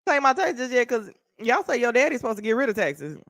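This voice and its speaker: A lively woman from Texas hosts her own livestream, her voice swooping up and down as she reacts to the comments coming in. She swears without a second thought and talks to her viewers like friends. The sound is close and dry. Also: on the high side, fairly quick, dry recording. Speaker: livestreamer and podcaster. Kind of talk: casual livestream chat.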